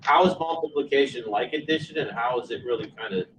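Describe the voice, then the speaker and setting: A man presenting at a meeting, measured and explanatory. His voice is picked up from across a reverberant room with faint background noise. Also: medium pitch, a bit bright. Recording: distant mic in echoey room.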